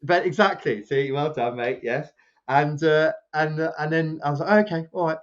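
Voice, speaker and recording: A man's voice: normal speed, lo-fi sound. A man, a podcast co-host, rambling through a casual anecdote and acting out what others said. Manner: rambling, animated, acts out quotes with raised pitch. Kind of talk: casual storytelling chat.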